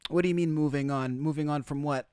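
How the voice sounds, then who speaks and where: A man's voice: fairly high pitch, steady tone, fast, a little mellow, clear, resonant tone, no room sound, clean studio sound. A man hosting opinionated live commentary from outside the United States, emphatic and repeating his key phrases. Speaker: commentary streamer.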